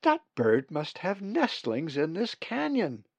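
A man voicing a male raven in an audiobook, a croaky voice that exclaims in short, raised bursts. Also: a little high, wildly swooping pitch, slow pace, dry recording, pitched above the performer's own voice, exaggerated voice. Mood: wondering. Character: male raven, wondering, then joyous and soaring. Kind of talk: audiobook character voice.

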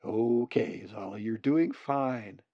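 A man voicing a patient adult male raven who calmly and encouragingly teaches chicks to fly. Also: mid-range voice, unhurried, creaky, no echo, highs cut off, voice pushed up. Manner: calm, encouraging, instructive.

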